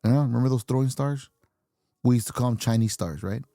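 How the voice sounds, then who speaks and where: A man's voice: mid-range voice, brisk, mellow, no room sound, studio quality, soft background music. A man in his fifties hosting a podcast, delivering a blunt, swear-filled rant and laughing at his own points. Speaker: podcast host. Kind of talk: profane ranting monologue.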